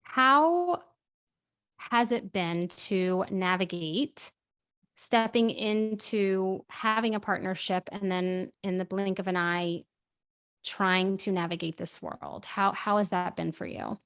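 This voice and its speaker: A woman hosting a conversational podcast interview, animated and quick to get heated. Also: mid-range voice, clear, resonant tone. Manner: animated, speeds up and swears when heated. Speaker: podcast host.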